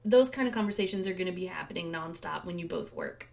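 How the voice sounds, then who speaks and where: A woman co-hosting a podcast in casual chat, telling stories in an animated way and laughing as she talks. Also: lowish voice, fast talker, creaky. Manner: animated storyteller, laughs while talking. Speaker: podcast co-host.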